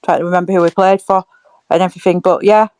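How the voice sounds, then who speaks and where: A woman co-hosting a casual football fan podcast, chatty and quick to giggle. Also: on the low side, steady tone, darkish tone, no echo. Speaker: podcast co-host.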